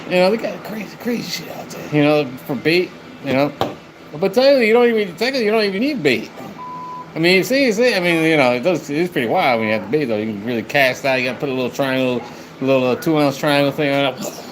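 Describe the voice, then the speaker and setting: A man's voice: a little high, fast talker. A man chatting on a live stream, rambling and swearing as he talks to his viewers. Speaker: livestreamer. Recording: noisy background.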